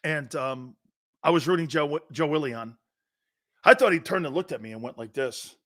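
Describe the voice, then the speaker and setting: A man in his fifties from the northeastern United States hosts a sports talk show, chatting casually and joking as he reads viewer comments. His voice sits a little high with a bright, pushing edge, and he speaks at a moderate pace, laughing easily and keeping things animated.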